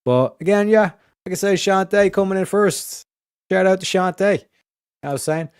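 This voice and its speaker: A man's voice: sits high, moderate pace, clean tone, no room sound, clean studio sound. An Irish man hosting a stream in casual chat, rambling and swearing, repeating his catchphrases. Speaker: streamer host.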